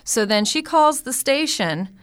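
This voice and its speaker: A woman in her thirties telling a personal family story with lively, animated delivery. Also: high voice, a little slow, smooth. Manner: lively, animated retelling with acted-out quotes. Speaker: storyteller guest.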